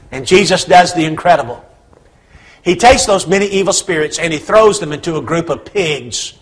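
A man's voice: on the high side, lively intonation, normal speed, breathy edge. A man preaching a sermon, telling a Bible story with humor and acted-out voices.

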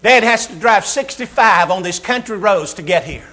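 Preacher guy, high voice, funny storytelling sermon, bit of hum on the recording. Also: lively intonation, moderate pace, sharp tone. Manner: storytelling with acted-out voices and humor.

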